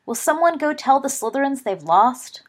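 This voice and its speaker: A woman voicing a male school sports announcer, calling out the result loudly. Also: high voice, big pitch swings, moderate pace, pitched above the performer's own voice. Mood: triumphant.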